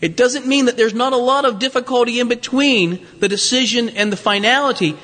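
A man preaching a sermon in a conversational, animated way, with restarts and rhetorical questions. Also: very high voice, a little fast. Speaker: pastor. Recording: long reverb of a large hall.

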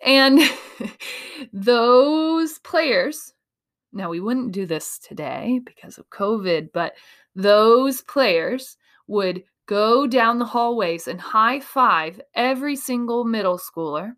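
Animated motivational woman speaker. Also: a little high, takes it slowly. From Iowa, USA. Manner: animated, emphatic, acts out quoted voices. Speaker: speaker and coach. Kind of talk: motivational talk.

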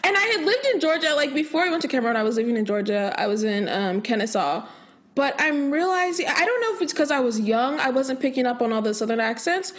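Young American woman, podcast host, slightly high voice, giggly, rambling casual chat. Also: expressive, fast. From United States. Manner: giggly, rambling, laughs often.

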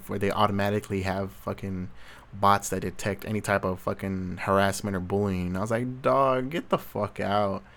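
A man's voice: on the low side, a bit bright. A young adult man, hosting a solo Q&A in a rambling, profane, slang-heavy rant. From Southern California. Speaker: solo Q&A host. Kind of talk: casual rant monologue.

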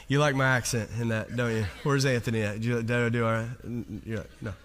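A man pastor preaching a sermon to a congregation, animated, with rhetorical questions and humor. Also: mid-range voice, fast.

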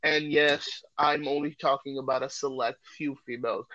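A man co-hosting a podcast, talking loudly and joking in a casual, animated way. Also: mid-range voice, moderate pace, dry recording, highs cut off. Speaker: podcast co-host.

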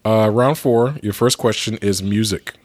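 A low-voiced man hosts a casual podcast trivia game. He reads the questions plainly and teases the players. His voice is recorded dry and close. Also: a little slow, a little mellow, no echo. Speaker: quizmaster.

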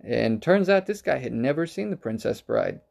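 A man spins a rambling, profane bar story in a casual storytelling voice. His tone is gravelly and dark, with a low rasp under the words. He drifts from point to point and acts out what people said. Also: expressive, normal speed. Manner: profane, rambling anecdotal delivery with acted-out quotes.

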